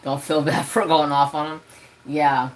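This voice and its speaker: Man, crafting livestream host, casual storytelling, animated, ranting, swearing, at home. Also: fairly high pitch, unhurried.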